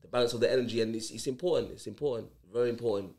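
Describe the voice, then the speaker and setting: Fast-talking man, passionate. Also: medium pitch, darkish tone. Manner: passionate, repeats phrases for emphasis, quick. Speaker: podcast guest, author. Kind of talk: casual chat.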